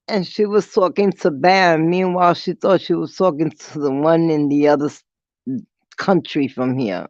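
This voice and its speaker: A slow, unhurried vlogger telling a story to the camera, laughing through it and cursing with ease. The sound is dry and a little dull, like a basic home recording. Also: mid-range voice, dry recording. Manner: animated, laughing often, swears freely. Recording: dull, slightly lo-fi dry audio.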